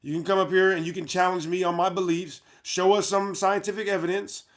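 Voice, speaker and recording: A man's voice: high voice, level tone, a little fast. A man hosting a livestream, reading chat comments aloud in a brash, mocking way and laughing at his own jokes. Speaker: livestream host.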